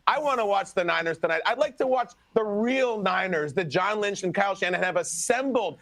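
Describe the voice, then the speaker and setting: A man in an animated, sarcastic sports rant, sounding exasperated and mock-outraged. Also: high-pitched, brisk, no echo.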